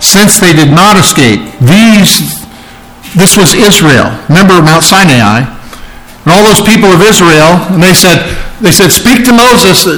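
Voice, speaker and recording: A man's voice: high voice, animated, unhurried, fairly bright tone, low-quality recording. A man preaching an expository sermon, explaining scripture word by word, with frequent restarts and rising emphasis on key phrases. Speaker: pastor.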